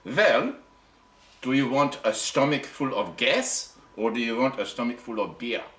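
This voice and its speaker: A man's voice: medium pitch, lively intonation, measured pace, a bit bright, voice pushed up. A man putting on a German accent to play a brusque German man defending a foamy beer pour. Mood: indignant. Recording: echoey, distant, faint background hiss.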